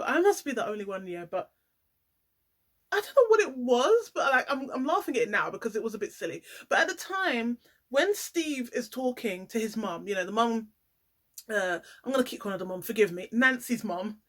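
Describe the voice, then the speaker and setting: A woman giving a casual, animated vlog commentary, playing up the drama and talking straight to her viewers. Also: a little high. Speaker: YouTuber reviewing a reality show.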